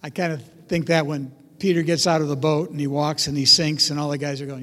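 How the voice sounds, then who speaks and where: A man preaching a sermon, telling stories with animated delivery and acting out voices. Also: a little high, brisk, few pauses, in a large hall. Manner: animated storytelling, acts out voices. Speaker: pastor.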